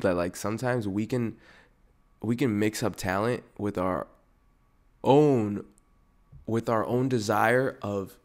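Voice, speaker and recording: A man hosting a podcast in a casual, rambling rant, full of "like" and "dude". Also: lowish voice. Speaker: podcast host.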